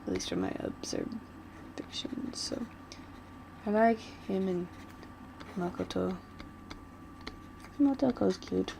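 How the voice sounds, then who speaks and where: Gravelly-voiced woman gushing about anime. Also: mid-range voice, wildly swooping pitch, slow pace, long pauses, noisy background. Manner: giggly, rambling, gushing fan. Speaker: vlogger. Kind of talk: casual chat while doodling.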